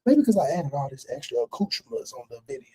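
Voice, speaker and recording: A man from the Chicago area with a Chicago accent, hosting a casual podcast chat with animated, profane storytelling. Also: a little high, fast, husky. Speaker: podcast host.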